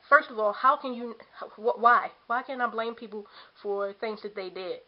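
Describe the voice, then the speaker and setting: A woman's voice: on the high side, a little fast, muffled recording. A young woman venting frankly to the camera from her bedroom, rambling with lots of "you know" and "like". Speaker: vlogger. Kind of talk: casual venting monologue to camera. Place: bedroom at home.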